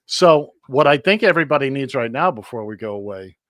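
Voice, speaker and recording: A man's voice: medium pitch, animated, fairly quick, a bit bright, no echo. A man hosting a radio show, reading birthdays in a joking, rambling way with many fillers. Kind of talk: casual radio chat.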